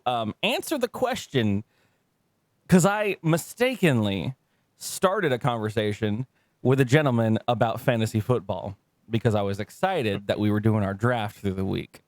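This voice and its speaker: A man co-hosting a casual podcast, joking around, laughing often and acting out quoted people in goofy high voices. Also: no echo. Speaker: podcast co-host.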